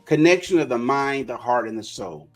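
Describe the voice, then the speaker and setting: A man's voice: medium pitch, expressive, normal speed, faint music behind. A man co-hosting a podcast in casual chat, emphatic, repeating words for stress. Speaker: co-host.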